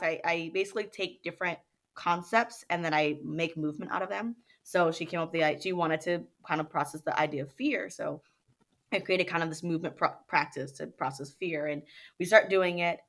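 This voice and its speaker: Young woman telling a story on a podcast, lots of quoting and laughing, lowish pitch. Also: brisk. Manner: animated storytelling, acts out quotes, laughs often. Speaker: dance company owner, guest. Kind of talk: casual interview chat.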